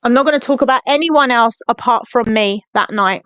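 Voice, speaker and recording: A woman's voice: on the high side, a little fast, fairly bright tone, smooth, no room sound, lo-fi sound. A young woman ranting on a live stream, firing indignant questions at viewers by name. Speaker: livestreamer. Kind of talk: angry live-stream rant.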